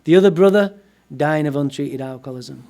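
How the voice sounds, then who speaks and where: Guy telling a funny sweary story at a meeting, kinda high voice, really animated. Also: fairly quick. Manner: animated, profane, comic storyteller. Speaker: speaker at a recovery meeting. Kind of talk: humorous personal storytelling talk. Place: meeting room before a live audience.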